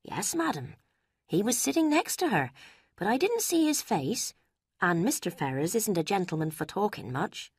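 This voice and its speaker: A woman voicing a plain, deferential male manservant in a lower, respectful tone. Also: very animated, moderate pace, husky, no echo, studio quality.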